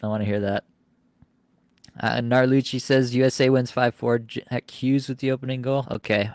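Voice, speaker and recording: A man's voice: medium pitch, fairly even intonation, normal speed, a little mellow, clean tone, no echo. A man co-hosting a live stream, chatting casually and laughing often as he reacts. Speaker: co-host.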